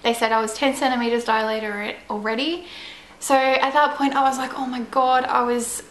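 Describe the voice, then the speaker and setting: A young woman tells her story in a casual, rambling way, leaning on "like" and "you know." Her voice sits a little high and stays flat in pitch, with vocal fry. The room sounds roomy and echoey, with a faint hum behind her. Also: normal speed. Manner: chatty, meandering, full of "like" and "you know". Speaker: vlogger.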